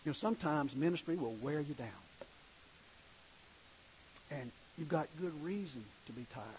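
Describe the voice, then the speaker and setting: A man's voice: on the high side, normal speed, darkish tone, muffled recording, slight background noise. A male preacher giving a sermon in a conversational way, asking the congregation questions as he reads scripture.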